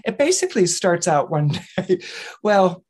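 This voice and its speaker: A male astrologer and weekly horoscope columnist, telling a fable in a chatty, animated way and chuckling as he goes. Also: high-pitched, unhurried, breathy edge. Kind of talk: casual storytelling talk.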